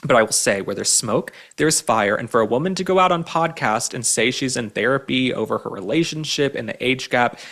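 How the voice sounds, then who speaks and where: A man in the middle range of pitch hosts a pop culture commentary show. He gives his opinions emphatically and keeps driving his points home with "okay?". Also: expressive, a little fast, hardly any pauses, fairly bright tone. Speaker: host.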